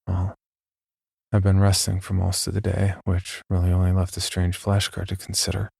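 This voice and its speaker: A man narrating a first-person horror story in a slow, measured, scripted delivery. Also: completely flat delivery, a little mellow, no echo, studio quality. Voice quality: deep gravelly voice.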